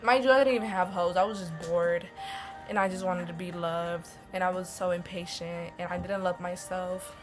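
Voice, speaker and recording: A young adult woman telling a casual storytime vlog, blunt and animated, swearing heavily and using a lot of slang. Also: on the low side, moderate pace, music in the background. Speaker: vlogger.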